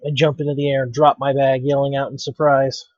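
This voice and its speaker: A man's voice: mid-range voice, little pitch movement, brisk, a little mellow, no echo, dull audio. A man hosting a let's play, reading a visual novel aloud with dramatic, wry narration.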